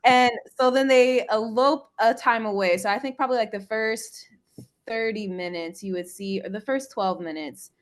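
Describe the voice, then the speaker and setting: A woman talking casually on a group video call, relaxed and thinking out loud as she explains her idea. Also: normal speed. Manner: relaxed, thinks aloud while pitching. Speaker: guest poet.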